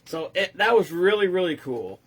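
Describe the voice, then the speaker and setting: A man with a high, husky, very animated voice hosts his own show for a veteran care-package group. At a normal speed, he tells a long, rambling story casually, restarting often.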